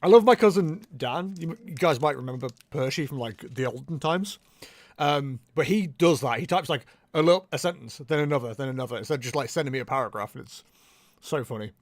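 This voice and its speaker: A man's voice: medium pitch, a little fast, no room sound. A man casually chatting to his stream from home, teasing his viewers with playful mock outrage. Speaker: livestream tournament commentator.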